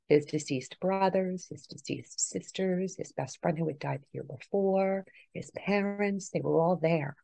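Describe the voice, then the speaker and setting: Low, gravelly-voiced woman telling a story. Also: no echo. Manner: earnest, swinging between hushed and excited. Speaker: guest, author and paranormal investigator. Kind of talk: emotional personal storytelling in a podcast interview.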